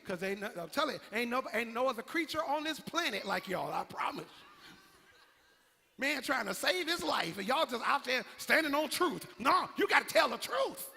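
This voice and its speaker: A man preaching a sermon as pastor, telling a story with lively acted-out voices. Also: very high-pitched, moderate pace, creaky, slightly rough. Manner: animated storytelling, acting out characters. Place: church sanctuary. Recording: long hall reverb.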